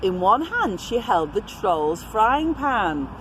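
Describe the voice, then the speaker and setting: Woman reading storytime to kids outdoors, slow and super expressive, bit of traffic behind. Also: mid-range voice. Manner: gentle, addresses children directly.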